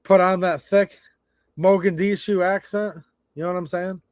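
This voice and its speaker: Brief: man in his forties, high voice, dry close sound, casual livestream rant, stammers and rambles. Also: fairly even intonation, normal speed, darkish tone, no room sound. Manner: rambling, stammering, frustrated and blunt. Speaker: livestream host.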